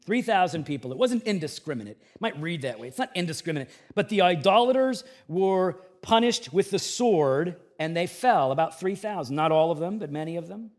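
A man preaching an expository sermon, moving between quiet, low reflection and raised, urgent emphasis, and paraphrasing scripture in a conversational way. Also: animated, fairly quick, hardly any pauses. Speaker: pastor.

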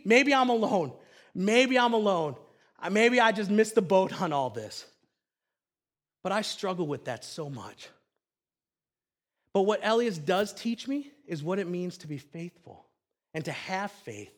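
A high-pitched man in his thirties delivers a pastor's sermon. He tells stories with animation, dropping to a hush and then rising loud again. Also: a little slow, pauses often. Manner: animated storytelling, swinging from hushed to loud.

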